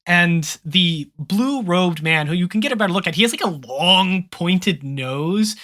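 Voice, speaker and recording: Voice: mid-range voice, expressive, measured pace, bright, forceful tone. A game master narrating a tabletop game with loose, filler-heavy descriptions.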